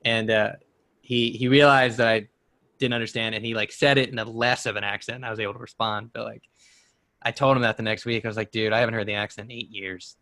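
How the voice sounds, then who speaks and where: Young man, casual podcast chat, bright tense voice, dry close sound, rambling storyteller. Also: medium pitch, fairly even intonation, fast talker, dry recording. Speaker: podcast co-host.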